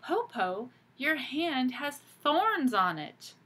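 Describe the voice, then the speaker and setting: A woman's voice: sits high, very animated, drawn-out words, sharp tone, pitched above the performer's own voice, exaggerated voice. A woman voicing a clever eldest girl who keeps asking curious questions. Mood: questioning.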